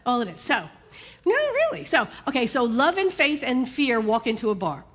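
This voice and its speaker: A woman minister with a fairly high voice, preaching a sermon. Her manner is conversational and humorous, and she keeps checking in with the congregation with a quick "right?". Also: big pitch swings, a little hiss or hum.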